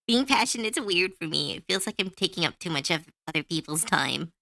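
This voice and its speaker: A woman's voice: on the low side, animated, a little fast, creaky, hardly any pauses, sharp tone, no echo, clean studio sound. A woman streamer chatting casually while she draws, ranting heatedly and swearing freely. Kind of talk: casual livestream chat while drawing. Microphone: close to a desk mic.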